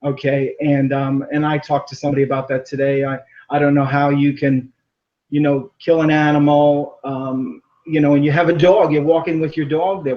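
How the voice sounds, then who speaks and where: Rambling animated man on a muffled line. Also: fairly high pitch, moderate pace. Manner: rambling, animated, laughs often. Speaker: caller. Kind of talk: casual call-in chat.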